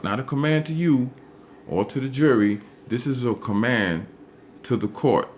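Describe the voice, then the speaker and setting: A man explaining a legal statute, reading it aloud slowly and stressing and repeating key words. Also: fairly low pitch, a little hiss or hum.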